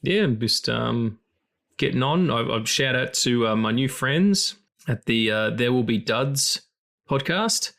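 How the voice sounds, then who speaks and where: A man's voice: mid-range voice, lively intonation, a little slow, gravelly, fairly bright tone. Chatty man hosting a podcast. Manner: loose, chatty, swears freely, many fillers. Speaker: podcast co-host. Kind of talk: casual film podcast chat.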